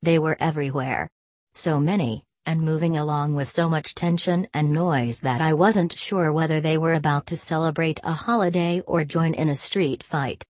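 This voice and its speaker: A woman narrating a novel as an audiobook in a steady, measured reading. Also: sits low, dry recording.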